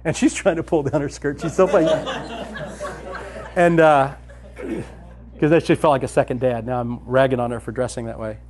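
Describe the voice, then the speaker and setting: A man in his fifties telling a lively story in a sermon, acting out the dialogue as he goes. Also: mid-range voice, moderate pace, long pauses, a crowd in the background. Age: 50s.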